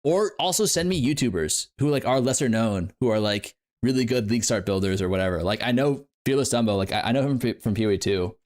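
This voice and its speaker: A man's voice: medium pitch, fast, few pauses, darkish tone. A young man streaming games, chatting casually to his viewers in a rambling, playful way with lots of fillers. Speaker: game streamer. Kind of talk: casual livestream chat.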